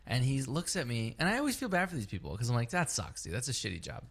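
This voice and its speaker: A man on a podcast telling a story about his day in a loose, chatty way. He curses a lot and slips into quick impressions of the people he met. His voice sits at an ordinary middle pitch. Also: gravelly, breathy edge. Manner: animated, profane, acts out both sides of the story. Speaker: podcast co-host. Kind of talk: casual storytelling chat.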